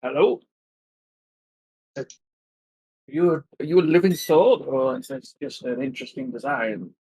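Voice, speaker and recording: A man's voice: mid-range voice, expressive, a little slow, a little mellow, slightly rough, voice pushed down, low-quality recording. A man voicing a short, polite wizard who stammers and hesitates. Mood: hesitant.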